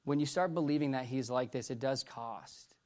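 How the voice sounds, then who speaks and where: This is a sermon testimony from a middle-aged man in a mid-range voice. He rambles and halts, restarting repeatedly, his volume jumping from loud surges to quiet narration.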